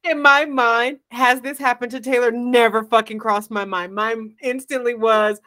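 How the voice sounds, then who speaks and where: A woman co-hosting a podcast, telling stories in an animated way, laughing often and swearing in casual chat. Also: fairly high pitch, moderate pace. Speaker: podcast co-host.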